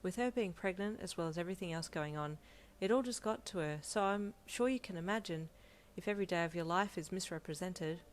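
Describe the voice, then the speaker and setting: A woman voicing a gentle, earnest young male hero in an audio fanfiction, soft and reassuring. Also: lowish voice, brisk, a little hiss or hum, natural voice. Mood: calm. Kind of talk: audio fanfiction role-play.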